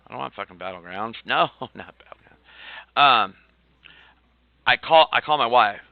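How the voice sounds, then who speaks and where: A man streaming, telling a story in a rambling, halting way with lots of swearing while he plays a game. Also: medium pitch, lively intonation, no echo, phone-quality sound. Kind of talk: casual storytelling while gaming.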